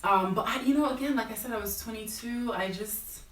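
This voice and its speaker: A guest fashion buyer in her thirties, with an American accent, tells her career story in a casual, chatty way packed with fillers like "like" and "you know." Her voice is fairly high and fairly quick, and the recording sounds roomy and distant.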